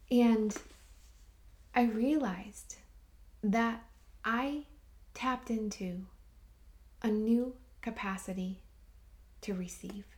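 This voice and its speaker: A woman hosting a podcast, telling a personal story in a slow, heartfelt way that sometimes drops to a near whisper. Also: mid-range voice, darkish tone. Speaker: podcast host and retreat leader.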